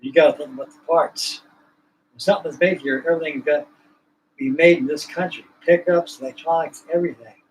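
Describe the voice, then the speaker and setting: A man's voice: a little high, steady tone, a little fast, poor audio. A man with a slightly raised voice chats casually as the host of a livestream. His talk is folksy and colloquial, and he drifts from one point to the next. Faint ambient noise sits under the voice. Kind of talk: casual chat.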